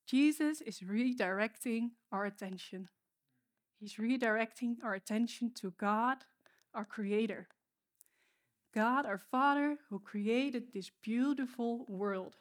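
Woman preacher, non-native English, earnest and emotional, slightly high voice, halting restarts. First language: not English. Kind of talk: sermon. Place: stage before an audience.

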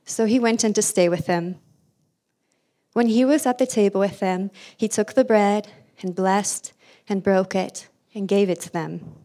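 Woman reading scripture out loud, formal and measured, mid-range voice. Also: mid-range voice. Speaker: scripture reader.

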